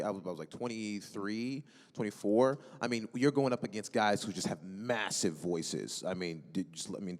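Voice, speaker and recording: A young man talking casually and friendly on a convention panel, often restarting his sentences. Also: fairly low pitch. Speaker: voice actor panelist. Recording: long hall reverb.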